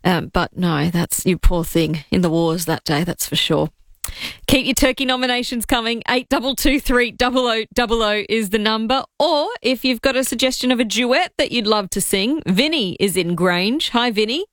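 A woman hosts a talk radio show, answering callers with sympathetic, easygoing remarks. Her voice sits in a middle pitch, recorded close and dry in the studio. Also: normal speed, dry recording. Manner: warm, sympathetic reactions. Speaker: radio host.

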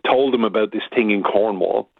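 A man's voice: on the low side, normal speed, gravelly, slightly rough, dry recording. A man in his fifties, a reporter and news anchor, telling a story down the phone in a chatty way. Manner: chatty storyteller, acts out quotes. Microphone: telephone. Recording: tinny phone line.

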